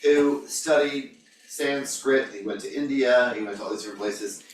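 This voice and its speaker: Man leading a church study group, animated questioner, distant mic in an echoey room. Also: medium pitch, normal speed, a little hiss or hum. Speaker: Bible class leader. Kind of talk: group Bible discussion. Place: church classroom.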